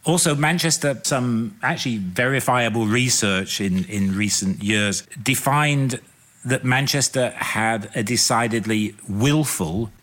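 A man's voice: mid-range voice, measured pace, fairly bright tone. A man, speaking at length in an interview in an articulate, expansive and reflective way.

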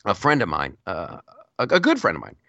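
A man's voice: sits low, huge pitch swings, brisk, vocal fry, sharp tone, dry recording, muffled recording. A man co-hosting a casual political chat podcast, rambling and repeating words as he tells stories. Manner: chatty storyteller, repeats words, laughs, puts on silly voices. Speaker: podcast co-host.

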